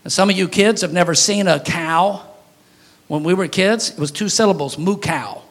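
A man preaching a sermon as pastor, folksy and humorous, breaking into sudden loud shouts. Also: high voice, normal speed.

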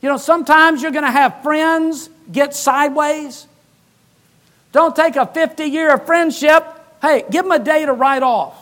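A man's voice: extremely high pitch, unhurried, fairly bright tone. A man, a pastor, preaching a sermon in a church with emphatic, repetitive phrasing and touches of humor.

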